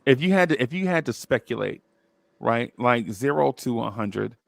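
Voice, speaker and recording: Casual male sports co-host, gravelly and relaxed, dry close-mic sound. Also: medium pitch, normal speed, no room sound. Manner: laid-back, talks in loose restarts. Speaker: podcast co-host.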